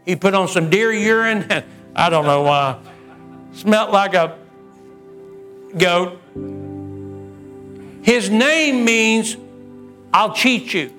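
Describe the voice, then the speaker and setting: High, bright preacher man. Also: expressive, takes it slowly, pauses often. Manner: storytelling preacher who acts out the dialogue with a lot of pitch swings. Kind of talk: sermon. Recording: faint music behind.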